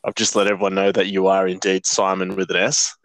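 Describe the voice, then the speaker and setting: A man's voice: low voice, level tone, quick pace, a bit bright, no echo. A man hosting a casual podcast, rambling with fillers and restarts. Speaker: podcast host. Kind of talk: casual chat.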